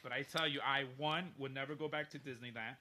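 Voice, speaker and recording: A man telling a story in casual chat, animated and profane, often laughing mid-sentence. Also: mid-range voice, fairly quick. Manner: animated, profane, laughs through his stories.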